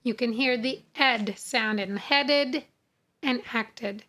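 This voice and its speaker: A woman teaching English spelling, sounding out words slowly and repeating each rule. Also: fairly high pitch, pushed and bright. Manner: slow, deliberate, sounding out words and repeating rules. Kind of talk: phonics lesson.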